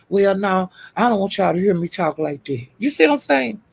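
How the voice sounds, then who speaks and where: A man's voice: high-pitched, big pitch swings, fairly quick, vocal fry, husky. A man hosting a livestream in casual commentary, giving blunt, profane advice. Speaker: livestream host.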